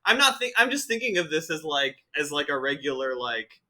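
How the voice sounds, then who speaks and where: A man's voice: on the high side, big pitch swings, brisk, bright, forceful tone. A young man playing in a tabletop game, talking with many fillers and restarts. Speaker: player. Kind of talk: tabletop role-play chat.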